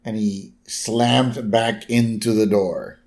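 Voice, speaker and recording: A man co-hosting a podcast talks in a casual, easygoing way at an ordinary mid pitch. He now and then stops to hunt for the right word before going on. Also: fairly even intonation, slow pace, a little mellow. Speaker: podcast co-host. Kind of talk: casual chat.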